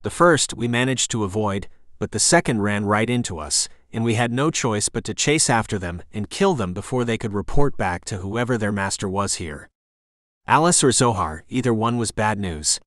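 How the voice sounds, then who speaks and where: A man reading a first-person fantasy audiobook in a steady, gritty storytelling manner. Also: lowish voice, moderate pace, no room sound, clean studio sound. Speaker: audiobook narrator.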